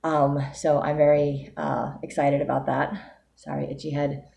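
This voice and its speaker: Her voice sits low, creaky and mellow, with a level tone and moderate pace. She's recording a weekly video diary, openly musing about herself in a casual, candid way.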